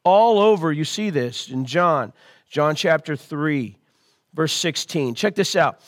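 A man preaching a sermon as pastor, calling out to his congregation and swelling louder on key lines. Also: a little high, animated, takes it slowly. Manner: call-and-response preaching to an online congregation.

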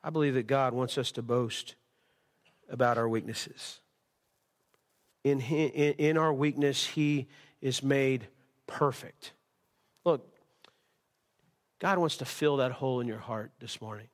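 A man's voice: medium pitch, measured pace, long pauses. A male pastor preaching a sermon at a church service, impassioned, repeating words and restarting phrases.

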